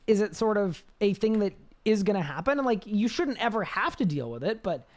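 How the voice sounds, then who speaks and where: A man with a high-pitched voice, chatting casually on a live game stream, reading chat aloud and rambling with restarts. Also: very animated, moderate pace.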